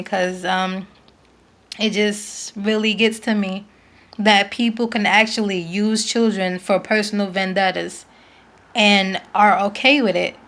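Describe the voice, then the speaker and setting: Young New woman, twenties, earnest pleading vlog appeal, slightly high voice. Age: 20s. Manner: earnest, pleading, emphatic repetitions. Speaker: vlogger, parent. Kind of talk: emotional direct-to-camera appeal.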